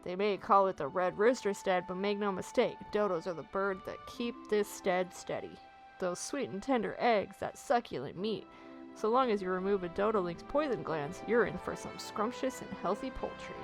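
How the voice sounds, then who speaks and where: A woman's voice: mid-range voice, expressive, moderate pace, soft background music, natural voice. A woman reading aloud the lines of an eccentric male rancher in a game who dotes on his animals. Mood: doting. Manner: reads the lines aloud in a plain, lightly amused voice.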